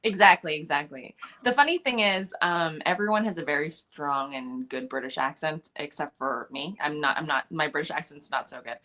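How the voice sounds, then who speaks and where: A woman's voice: low voice, moderate pace, hardly any pauses, bright, forceful tone. A woman actor being interviewed, telling behind-the-scenes anecdotes in a chatty way and laughing often. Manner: chatty, many restarts and fillers. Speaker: actor guest. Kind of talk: casual interview storytelling.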